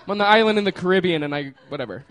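A man's voice: high-pitched, lively intonation, racing, fairly bright tone. A man casually telling a personal story, laughing often and trailing off with fillers.

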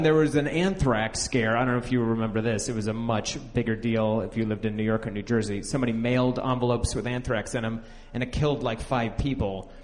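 A man's voice: mid-range voice, a little mellow, big-room sound. A young man telling a candid, rambling personal story, acting out the lines of the people in it. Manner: candid, rambling, full of "like" and acted-out quotes.

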